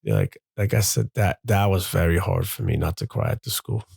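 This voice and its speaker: A man's voice: sits low, very animated, brisk, vocal fry, a little mellow, husky, no room sound. A man, a father hosting his own show, speaking in a candid, confessional monologue that halts and repeats as he gathers his thoughts.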